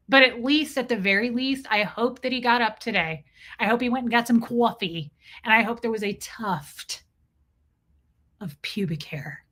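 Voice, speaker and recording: A woman hosts a casual livestream and tells a comic story in an animated, profane way. Her voice is bright and has a clear edge to it. She keeps her pitch in a middle range for a woman. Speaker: livestream host.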